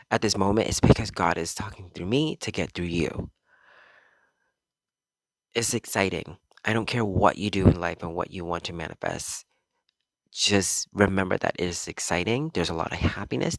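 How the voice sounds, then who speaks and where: A man's voice: low voice, vocal fry, fairly bright tone, no room sound. A man hosting a podcast from home as a psychic medium, talking in a rambling, earnest motivational way with fillers and the odd swear word. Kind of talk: casual motivational monologue. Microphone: small podcast microphone.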